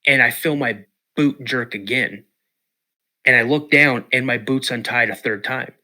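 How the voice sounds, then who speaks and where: A man from Washington state, a podcast guest telling a story in an animated way, acting out quotes and repeating words. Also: medium pitch, measured pace. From Washington state, USA.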